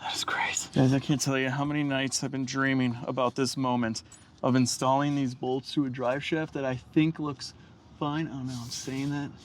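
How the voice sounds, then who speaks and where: A man vlogging while he repairs a car outdoors, joking with viewers in an excitable running commentary. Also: mid-range voice, normal speed, slight background noise. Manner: excitable, jokey, talks to viewers. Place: outdoors in the sun.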